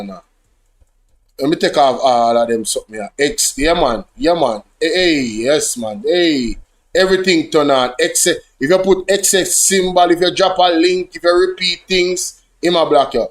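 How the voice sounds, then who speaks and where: A man with a Jamaican accent hosting a casual livestream, talking animatedly and slipping between English and patois as he addresses the chat. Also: a little high. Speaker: livestream host.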